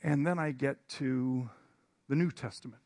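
A man's voice: medium pitch, a little slow, a little mellow, dry recording, studio quality. A man preaching in a storytelling style, rambling and self-deprecating, with hesitant restarts. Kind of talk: storytelling sermon.

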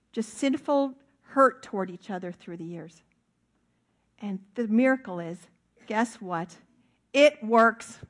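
A middle-aged woman pastor preaching a sermon in a church, earnest and emphatic, stretching out key words for weight. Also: fairly high pitch. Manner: earnest, emphatic, with drawn-out stresses.

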